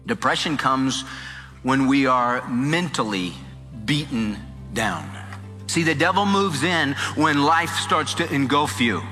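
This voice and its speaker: A man preaches with animated storytelling, acting out the voices in his quotes. His voice is bright and sharp. A long reverb and faint music sit behind him. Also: mid-range voice, takes it slowly. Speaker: pastor. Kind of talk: sermon.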